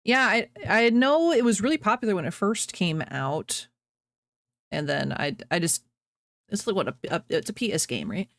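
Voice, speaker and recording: Lively high-voiced young male streamer. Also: normal speed, creaky, dry recording. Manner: animated, chatty, self-mocking. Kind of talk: casual gameplay chat.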